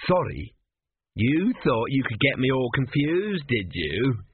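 A fussy, slow-witted sphinx grumbles doubtfully through its riddle, voiced by a man reading a comic storybook. The voice is husky and the sound is thin and phone-like. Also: medium pitch, big pitch swings, dry recording, exaggerated voice. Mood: smug. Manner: grumbling, doubtful, easily flustered. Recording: tinny phone-like audio.

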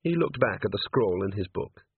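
A man narrating an audiobook in an expressive storytelling manner. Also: lowish voice, normal speed, gravelly, husky, no echo. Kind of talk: scripted narration. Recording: tinny phone-like, dry.

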